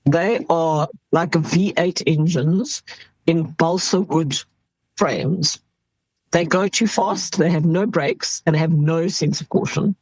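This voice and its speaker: A woman's voice: sits low, slow pace, a little mellow, slightly rough, dry recording, low-quality recording. A middle-aged woman from South Africa, an emergency doctor, telling candid stories in an interview and laughing as she goes.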